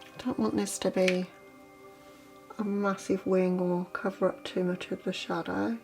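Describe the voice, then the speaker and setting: A woman talks through her makeup as she applies it, chatty and relaxed, explaining each step. Her voice sits at a mid pitch, and quiet music plays underneath. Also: measured pace, vocal fry. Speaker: makeup vlogger. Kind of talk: makeup tutorial narration.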